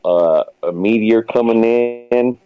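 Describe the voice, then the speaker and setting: A man's voice: medium pitch, takes it slowly. A man in casual podcast chat, rambling with lots of fillers and restarts, swearing casually. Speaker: guest. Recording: dull lo-fi sound.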